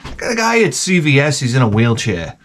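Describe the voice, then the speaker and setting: A middle-aged man hosting his own channel, giving a crude, profane comedic rant that swings from mutters to shouts. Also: medium pitch, very animated, fairly quick. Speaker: channel host.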